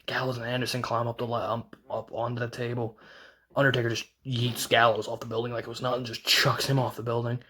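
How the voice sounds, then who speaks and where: A man talks through a wrestling match in a loose, excited recap. He rambles, restarts sentences and leans on fillers as he tells it. His voice sits at an ordinary middle pitch. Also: slightly rough. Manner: rambling, fast retelling full of "like" and restarts. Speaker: wrestling video reviewer.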